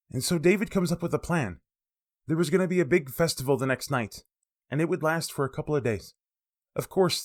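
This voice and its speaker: Man, preacher, sermon, slightly high voice, very lively pitch, casual asides. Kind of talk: sermon with Bible exposition.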